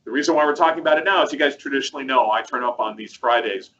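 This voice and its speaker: A man's voice: on the high side, very fast, fairly bright tone, highs cut off, a little hiss or hum. A man co-hosting a casual webcast, chatty and rambling with plenty of fillers as he walks through a product demo. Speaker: co-host presenting a product demo.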